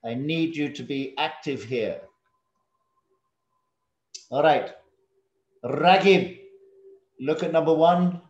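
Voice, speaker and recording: A man teaching English to students over a video call. He is patient, drills words slowly, calls on students by name and drops in Indonesian classroom words. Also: fairly high pitch, a little mellow, reverberant, muffled recording.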